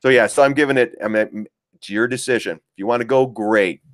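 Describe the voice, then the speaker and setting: A man's voice: mid-range voice, a little fast, fairly bright tone, dry recording, studio quality. A middle-aged man hosting a casual trading live stream, rambling and joking, swearing casually and laughing often. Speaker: live-stream market host.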